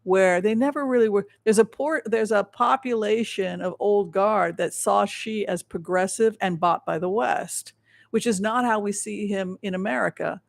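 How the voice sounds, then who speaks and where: A man running a psychic tarot livestream, speaking in a rambling, emphatic way and often restarting his sentences. His voice is high and gravelly. It is recorded close and dry, with no room echo. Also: moderate pace. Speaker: psychic show host. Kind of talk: livestream tarot and remote-viewing commentary.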